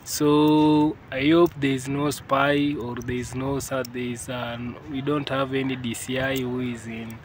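A man's voice: mid-range voice, flat delivery, unhurried, few pauses. A Kenyan man narrating a casual village vlog outdoors, hesitant with many fillers and frequent "yes, guys". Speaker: vlogger. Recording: clear outdoor background noise.

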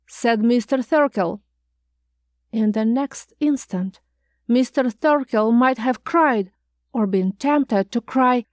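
Slow, expressive woman audiobook reader. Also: high-pitched, dry recording. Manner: measured, expressive storytelling. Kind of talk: scripted narration.

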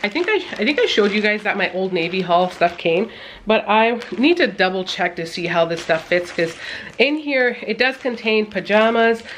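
Chatty mom vlogger, rambling and breezy. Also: female voice, mid-range voice, animated, moderate pace, fairly bright tone, a little hiss or hum. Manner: rambling, chatty, with frequent fillers and laughs. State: out of breath. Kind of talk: casual vlog chat.

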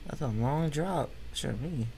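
Gaming youtuber guy, grumbly and slangy, wildly varied pitch, noisy mic with game sounds behind. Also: lively intonation, unhurried, creaky, a little mellow. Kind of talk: casual gameplay commentary.

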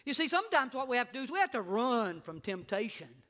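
A middle-aged man preaching a sermon as pastor in a church, emphatic, slowing down to stress words and rising to shouts. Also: very high-pitched, very animated. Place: church sanctuary.

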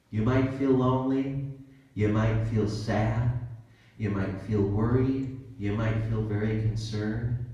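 Pastor, male, low dark voice, casual preaching that acts out little scenes, recorded from a distance in a roomy church. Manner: conversational preaching with acted-out quotes. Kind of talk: sermon.

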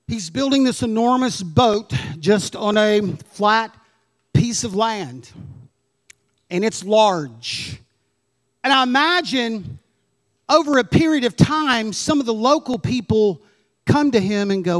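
A man's voice: high voice, a little slow. A male pastor preaching a conversational sermon in church, full of asides and rhetorical questions to his congregation.

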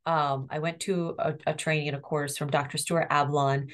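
A woman's voice: low voice, level tone, fairly quick. A middle-aged woman educator speaking earnestly and with empathy in an interview about guiding children. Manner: earnest, empathetic, demonstrates tones of voice. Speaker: school educator and guest. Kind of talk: interview conversation.

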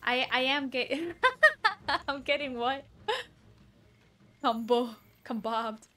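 A woman streamer reacting to a game she is playing, full of excitable yelps, exclamations and giggles. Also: high voice, slow pace. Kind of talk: live gameplay commentary.

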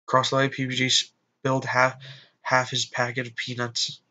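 A man's voice: mid-range voice, monotone, normal speed, poor audio. A man hosting a let's play, reading the narration of a visual novel and breaking off to joke and decide what to do. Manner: reads narration softly, jokes loudly in asides. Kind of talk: narrating and commenting on a game. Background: faint game music.

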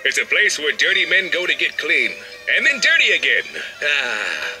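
A man's voice: fairly high pitch, huge pitch swings, normal speed, full character voice, low-quality recording. A man voicing a flamboyant, muscular older chef mentor, smug and suggestive in a comedy fan dub. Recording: loud music underneath.

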